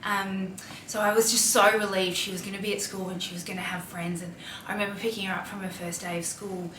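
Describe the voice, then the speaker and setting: Talking fast with a flat delivery and a medium pitch, an Australian woman in her thirties, a mom who vlogs about fashion, opens up in casual, heartfelt chat full of fillers. The background is noisy, with roomy echo, a distant mic and faint ambience.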